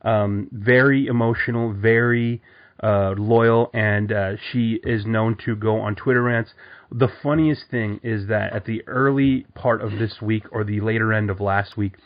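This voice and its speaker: A man's voice: fairly low pitch, steady tone, a little slow. Man rambling on a lo-fi podcast. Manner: rambling, lots of fillers and restarts. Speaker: podcast co-host. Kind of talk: casual comic book podcast chat. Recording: dull lo-fi audio.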